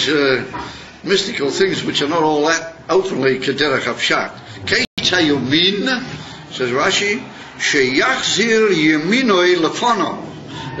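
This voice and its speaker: A man's voice: on the high side, pushed and bright, lo-fi sound, slight background noise. A man teaching a Torah class in a chatty, searching way, mixing in Hebrew and Yiddish terms.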